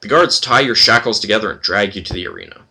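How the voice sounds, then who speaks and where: A man's voice: lowish voice, very animated, quick pace, creaky, pushed and bright, slight background noise. A man hosting a let's play, chatting casually and reading game text aloud with a lot of fillers.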